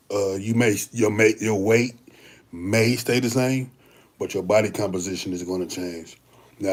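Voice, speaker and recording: A young man, a bodybuilder hosting a livestream and answering viewer questions in a laid-back, slangy way. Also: fairly low pitch. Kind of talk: casual livestream Q&A.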